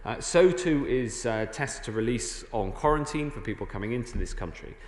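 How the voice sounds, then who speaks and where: A man, a government minister, giving a parliamentary statement in a halting way, full of uh and um. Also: medium pitch, expressive. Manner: halting, filled with uh and um. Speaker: government minister answering MPs. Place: large debating chamber, indoors. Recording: echoey chamber with long reverb.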